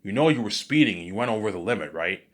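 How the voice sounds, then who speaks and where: A stern traffic cop in a told story, clipped and firm as he hands out warnings, as a man puts him on. The voice sits low and carries a husky edge. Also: animated, quick pace.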